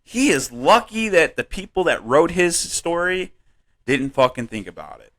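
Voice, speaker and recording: A man co-hosting a comedy podcast, rambling and swearing in casual chat, laughing often and jumping up in pitch when worked up. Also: normal speed. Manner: animated, voice jumps up when worked up. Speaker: podcast co-host.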